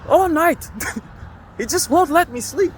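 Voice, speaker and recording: A man putting on the voice of an irate elderly woman who cusses and rants in high, shrieking bursts. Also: expressive, slow, slight background noise, full character voice. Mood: furious.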